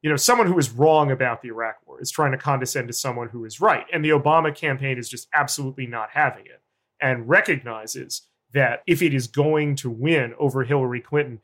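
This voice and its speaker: A man, a journalist guest, giving long, deliberate analytic answers in an interview. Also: mid-range voice, a bit bright.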